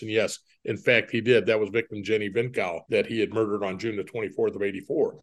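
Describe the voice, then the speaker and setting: A man's voice: mid-range voice, echoey room. An older man, a retired detective, recalling a long investigation in a plainspoken, matter-of-fact way. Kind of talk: interview recollection.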